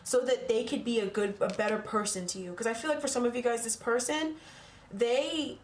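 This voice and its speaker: A woman's voice: on the high side, brisk, roomy sound, slight background noise. A woman doing a casual tarot reading for her channel, talking bluntly and swearing freely as she gets heated. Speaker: tarot reader.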